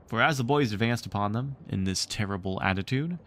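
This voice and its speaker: A man reading a storybook aloud on a stream and chatting casually, animated and playful. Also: on the low side, fairly quick. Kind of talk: read-aloud narration and casual stream chat.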